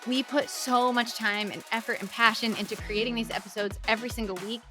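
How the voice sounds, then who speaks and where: A woman's voice: a little high, fairly even intonation, brisk, over music. A woman hosting her own podcast, talking upbeat and emphatic, often repeating words for stress. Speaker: podcast host. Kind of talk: solo podcast monologue.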